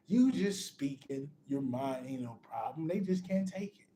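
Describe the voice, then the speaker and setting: A man's voice: mid-range voice, lively intonation, unhurried, warm tone, slight background noise. A man giving a casual spiritual pep talk, emphatic and repetitive, often restarting phrases and calling the listener bro. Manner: restarts phrases and laughs between points. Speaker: spiritual motivational speaker.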